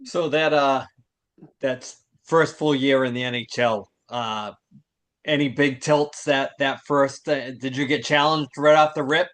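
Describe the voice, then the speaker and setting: Man host asking halting questions. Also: mid-range voice, steady tone, a bit bright. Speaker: podcast host. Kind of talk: casual interview questions.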